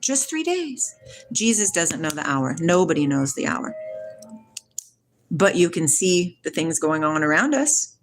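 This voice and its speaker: A woman hosting a casual spiritual livestream, talking back to her chat in an excitable, preachy way. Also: deep voice, unhurried, soft background music. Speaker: livestream host reading chat.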